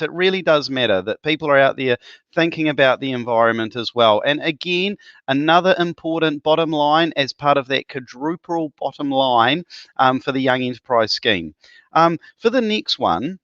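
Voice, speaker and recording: A man's voice: a little high, fairly bright tone, dry recording, muffled recording. A man hosting an awards ceremony, upbeat and chatty with lots of ums and laughs. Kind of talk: live emcee patter.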